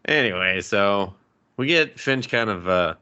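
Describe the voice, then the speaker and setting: A man's voice: on the low side, expressive, unhurried, bright, forceful tone, smooth, muffled recording. A young man co-hosting a podcast who reviews a movie in casual chat, joking and laughing often and putting on silly voices. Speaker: podcast co-host.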